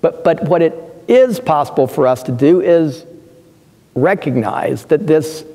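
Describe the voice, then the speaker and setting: A man's voice: on the high side, expressive, a little slow, mellow. A middle-aged man, a physician and pastor, telling personal stories on a panel in an earnest, emphatic way with frequent restarts. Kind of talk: panel talk, personal storytelling. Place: lecture hall. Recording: long reverb of a large hall.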